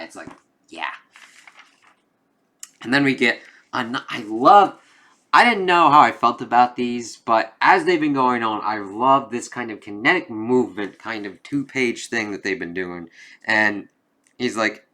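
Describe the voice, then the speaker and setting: A man's voice: on the low side, a little slow, bright, forceful tone. A man giving a casual comic book review, reading out character lines in between and swearing freely. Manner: reads comic dialogue aloud, casual and swearing.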